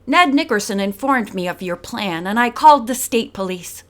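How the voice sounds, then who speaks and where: A woman voicing a formal, steady police lieutenant in an audiobook, calm and formal. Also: medium pitch, normal speed, lightly acted.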